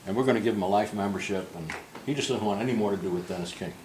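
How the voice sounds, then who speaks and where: A man's voice: on the low side, very fast, noisy background. Older man telling a humorous story. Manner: humorous, digressive, acts out quoted voices. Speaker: portrait painter giving a club tour. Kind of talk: anecdotal storytelling to a group. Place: club interior, in a room with a group.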